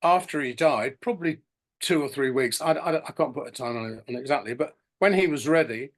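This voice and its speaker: A man's voice: medium pitch, brisk. A middle-aged man telling long stories as a guest in a casual interview, often restarting his sentences and acting out what others said. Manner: rambling storyteller, many restarts and acted-out quotes. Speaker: podcast guest.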